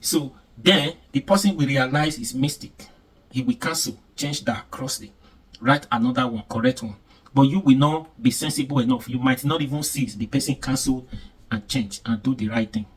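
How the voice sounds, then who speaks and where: A man's voice: medium pitch, moderate pace, husky, distant mic, rough recording. A man with a Nigerian accent giving emphatic, repetitive commentary, mixing in pidgin expressions. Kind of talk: casual commentary.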